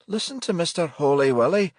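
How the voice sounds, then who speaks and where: A blunt, wry young woman detective asking sharp questions, as a male narrator raises his voice for her. The pitch sits well above his own, with a lively, teasing lilt and a faintly husky edge. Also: brisk, no room sound, clean studio sound. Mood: wry, businesslike.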